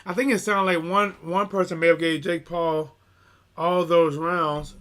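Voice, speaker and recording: A man giving casual live stream commentary on a fight, talking straight to his viewers. He gets excited easily and fills his talk with fillers and restarts. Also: on the high side, a little slow.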